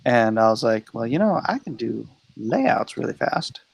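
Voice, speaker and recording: A man's voice: medium pitch, big pitch swings, normal speed, creaky, husky. A man co-hosting a casual livestream chat, joking loosely with the others. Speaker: livestream co-host.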